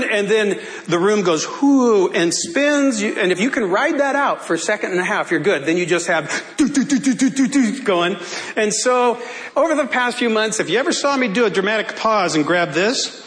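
A male pastor preaching a sermon in church, telling a story in a lively way and laughing often. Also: high voice, a little fast, in a large hall. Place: church sanctuary.

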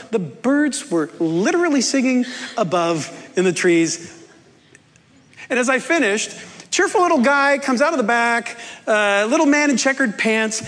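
Animated pastor preaching in a reverberant church. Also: male voice, very high-pitched. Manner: storytelling, playful, coaxing the congregation. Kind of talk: sermon. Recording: long reverb of a church hall.

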